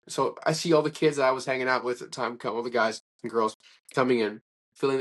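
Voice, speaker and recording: Man as a chatty interview guest, rambling anecdotes, restarts, medium pitch. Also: fairly quick. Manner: rambling, animated anecdotes with restarts and acted-out quotes. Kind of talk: casual conversational storytelling.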